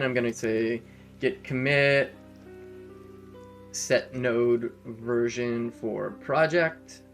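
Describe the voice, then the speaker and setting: A man's voice: mid-range voice, fairly bright tone. A Canadian man streaming a live coding session, thinking aloud and correcting himself as he types commands. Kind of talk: casual live-coding narration.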